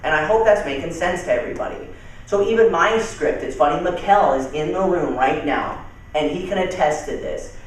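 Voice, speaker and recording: A young man giving casual, energetic sales training with stories, talking loosely and calling people dude and man, heard from far off in a very echoey room. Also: fairly high pitch, moderate pace, a little hiss or hum. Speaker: network marketing trainer. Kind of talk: training talk with storytelling.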